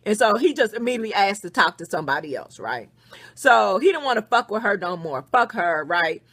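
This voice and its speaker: Woman host, fired-up storyteller with a lively voice and lots of cursing, dry close sound. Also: medium pitch, brisk, dry recording. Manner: animated, profane storytelling that acts out other people's words. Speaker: podcast host. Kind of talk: casual venting on a phone call.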